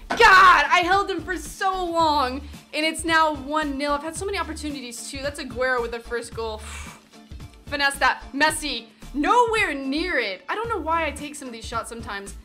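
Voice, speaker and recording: A woman giving live, excitable commentary on her own football video game match as a gaming video host, shouting at the players on screen. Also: high voice, normal speed, faint music behind.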